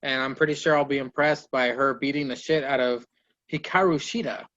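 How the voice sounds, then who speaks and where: A man's voice: medium pitch, fairly even intonation, fairly quick, fairly bright tone, lo-fi sound. A man hosting a casual podcast, recapping wrestling in a loose, swearing play-by-play and mimicking the wrestlers. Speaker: podcast host.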